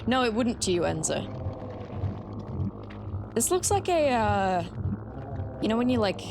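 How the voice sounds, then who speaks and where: A woman's voice: on the high side, big pitch swings, a little slow, gravelly, noisy background. An Australian woman streaming a horror game, chatting with her viewers and swearing freely. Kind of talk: casual live-stream gameplay commentary.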